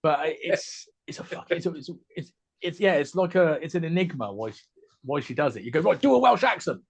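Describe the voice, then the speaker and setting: A man from the West Country of England with a West Country accent, a guest comedian chatting casually over a video call and often restarting his sentences. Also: a little high. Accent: West Country English. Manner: halting, many restarts and fillers. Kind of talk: casual podcast chat.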